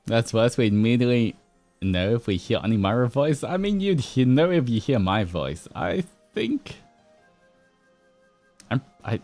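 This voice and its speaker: A man's voice: medium pitch, big pitch swings, measured pace, darkish tone, faint music behind. A man with an Australian accent chatting casually with viewers on a stream, playful and laughing often.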